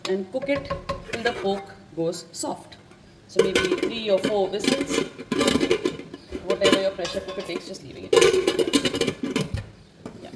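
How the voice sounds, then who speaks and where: A woman hosting a home cooking lesson, chatty and correcting herself as she explains each step in her kitchen. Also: medium pitch. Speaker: cooking channel host. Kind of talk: casual cooking demonstration. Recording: loud kitchen noise behind. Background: frying and sizzling sounds.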